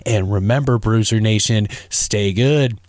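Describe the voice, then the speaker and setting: Man, podcast host, relaxed slangy storyteller, dry close sound. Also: on the low side, a little slow, no room sound. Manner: laid-back, chatty, slang-heavy.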